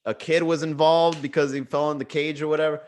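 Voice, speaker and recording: A man's voice: on the high side, level tone, brisk, a little mellow. A man hosting a comedy livestream, chatting casually in a rambling, jokey way and reading viewer comments aloud. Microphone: webcam or desk mic for a livestream.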